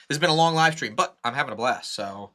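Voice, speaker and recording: A young man thinks out loud through a live-stream tutorial, his voice bright and forceful. He rambles and corrects himself constantly, full of fillers, and gets excited as he works. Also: medium pitch, fast talker. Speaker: streamer teaching 3D modeling.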